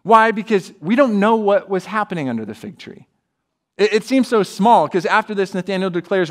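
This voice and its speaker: A man's voice: sits high, fairly quick. A man preaching a sermon as a pastor, earnest and acting out quoted voices. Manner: earnest, builds to animated, acts out quoted voices.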